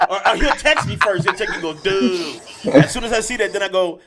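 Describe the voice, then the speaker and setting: A man's voice: sits high, brisk, a loud crowd. A man co-hosting a podcast, telling stories in a casual chat with lots of laughing and cursing. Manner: animated storytelling, laughing, cursing. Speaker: podcast co-host.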